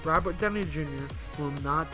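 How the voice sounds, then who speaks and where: High-voiced young man ranting. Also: normal speed, music in the background. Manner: ranting, swearing, animated. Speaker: host. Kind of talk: casual opinion vlog.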